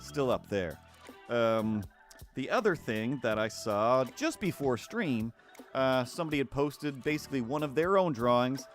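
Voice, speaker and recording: A man's voice: mid-range voice, expressive, unhurried, soft background music. A man who is a cartoonist, chatting casually on a live stream while he draws. He rambles, uses many fillers, and laughs at his own jokes.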